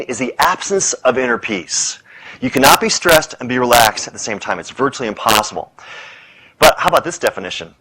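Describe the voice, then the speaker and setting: A middle-aged man giving a public lecture on stress, an animated storyteller who rattles off punchy lists and playful asides. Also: mid-range voice, low-quality recording. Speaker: speaker on stress. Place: lecture hall with audience.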